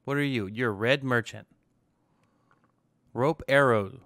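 A man's voice: mid-range voice, a little slow, fairly bright tone, no room sound. A young man hosting a gaming channel, talking casually to himself as he plays and tossing in jokey asides. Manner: chatty, self-talking, joking asides. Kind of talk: casual gameplay commentary.

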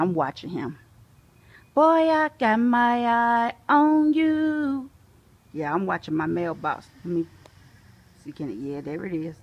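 A woman's voice: deep voice, creaky, slightly rough, highs cut off. A woman filming herself outdoors near her home in a casual vlog. She chats playfully to herself and breaks into sing-song calls. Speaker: vlogger. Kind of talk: casual self-filmed vlog.

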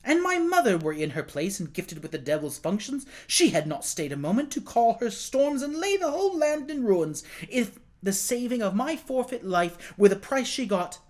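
A man's voice: extremely high pitch, big pitch swings, normal speed, hardly any pauses, darkish tone, pitched above the performer's own voice. A man voicing an eager, earnest young boy king who urges and pleads in a storybook reading. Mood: kindly insistent. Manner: earnest, urging.

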